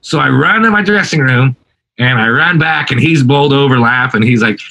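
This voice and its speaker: A man with a bright, forceful tone tells a road story as a guest on a casual interview. He talks with plenty of fillers and quick restarts. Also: medium pitch, low-quality recording. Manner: animated anecdote-telling, lots of fillers and restarts. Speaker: guest musician.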